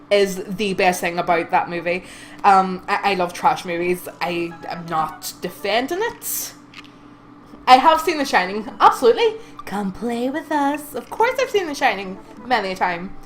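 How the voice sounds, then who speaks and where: A woman's voice: mid-range voice, a little hiss or hum. A woman streaming a game, reading its dialogue aloud and commenting, with a congested nose and frequent giggling. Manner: giggly, reads lines slowly, breaks into laughter. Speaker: let's play streamer.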